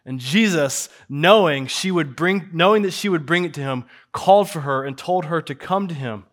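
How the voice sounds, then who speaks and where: A pastor preaching an earnest sermon to his church, dropping to hushed lines and then rising to stressed ones. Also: a little high, moderate pace.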